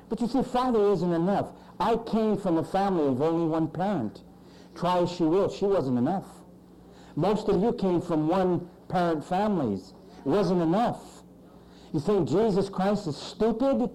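Man, pastor, sermon, fairly high voice, mellow tone, emphatic, swinging pitch and volume. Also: rough recording. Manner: emphatic preaching with sudden swings in pitch and loudness.

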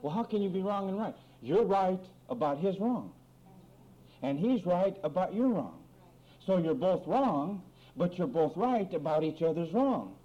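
A man preaching a lively sermon on marriage quarrels, acting out both spouses in mock voices and reading scripture. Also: sits high, unhurried. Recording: dull lo-fi recording with faint room noise.

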